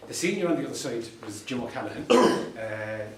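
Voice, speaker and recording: An Irish man addresses a room of fellow lawyers, spinning dry-humoured anecdotes with punchlines he repeats for effect. His voice sits at an ordinary middle pitch. He is picked up from some distance in an echoey meeting room, with a faint hum behind him. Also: expressive, brisk. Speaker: solicitor and mediator giving a talk. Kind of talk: anecdotal presentation to a professional audience.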